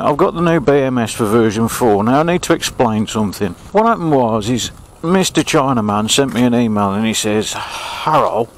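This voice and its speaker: A man's voice: medium pitch, rough recording. English man, vlogger, riding outdoors, chatty and grumbling, faint vehicle hum. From England. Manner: chatty, grumbling, self-mocking. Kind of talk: casual running commentary while riding. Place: outdoors on an old railway path.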